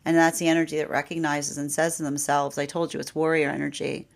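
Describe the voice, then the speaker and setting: A woman's voice: deep voice, flat delivery, fast, creaky. A woman giving a live tarot reading, rambling and repeating herself, with frequent "right?" and "like". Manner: laughs often, quoting the energy's voice. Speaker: tarot reader.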